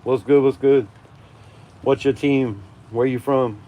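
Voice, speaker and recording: Outside at night in a storm, a live fan stream host in his forties rants with heavy swearing and laughs often. His mid-range voice is warm and steady, he takes things slowly, and he speaks emphatically.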